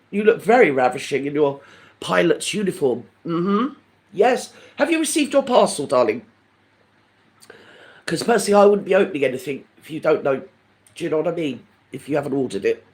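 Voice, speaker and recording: An older man hosting a live stream, chatting to viewers in a camp, gossipy way and calling everyone darling. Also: on the high side. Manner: lively and animated, swinging up and down. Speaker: livestream host. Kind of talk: casual chat with live viewers.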